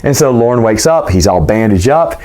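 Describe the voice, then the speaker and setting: A man's voice: mid-range voice, expressive, normal speed, darkish tone. A man casually retelling a novel's plot for a book review vlog, rambling and loose, with frequent restarts.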